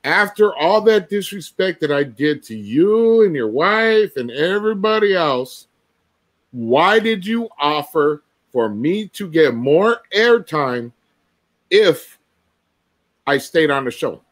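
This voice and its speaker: A man's voice: on the high side, big pitch swings, slow pace. A man, a former co-host, arguing tersely and demanding yes-or-no answers. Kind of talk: heated confrontation.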